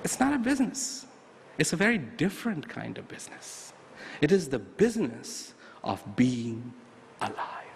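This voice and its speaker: A man delivers a motivational talk in an emphatic, storytelling manner, full of rhetorical questions. His voice is high and swings widely in pitch. He is recorded in a reverberant hall with faint ambience behind him. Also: very animated, moderate pace, vocal fry, slight background noise. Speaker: motivational speaker.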